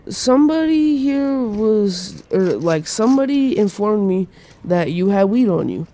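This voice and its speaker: A woman's voice: medium pitch, expressive, unhurried, dark tone, voice pushed up, lightly acted. A man voicing a middle-aged female school counselor in a raised, coaxing mimicking voice. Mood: probing.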